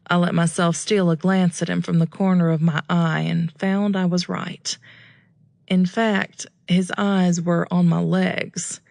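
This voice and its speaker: A woman narrating a first-person romance audiobook in a calm, steady, measured way. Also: on the low side, dry recording, studio quality.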